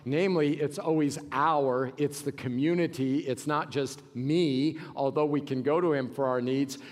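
A man preaching a sermon as pastor, swinging between shouted passages and low, quiet asides. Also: steady tone, normal speed. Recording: long hall reverb.

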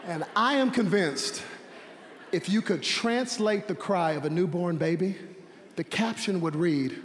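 A young man preaching a sermon, animated, asking rhetorical questions, shouting at the peaks and dropping quiet in between. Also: on the high side, normal speed. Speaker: pastor. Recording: long reverb of a large hall.

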